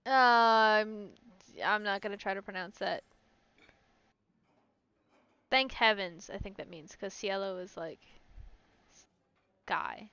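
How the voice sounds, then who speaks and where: A woman's voice: mid-range voice, takes it slowly, pauses often, fairly bright tone, smooth, highs cut off. A woman streaming a story game, reading it aloud and chatting about her choices as she goes. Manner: chatty, reacts aloud to the game, stumbles over hard words.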